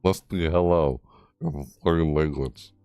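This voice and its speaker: A man giving a casual, rambling commentary on a video game, full of fillers, his voice jumping high when surprised. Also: steady tone, unhurried, dark tone, smooth, no room sound, faint music behind. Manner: rambling, easily amazed, many fillers. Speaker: gaming YouTuber.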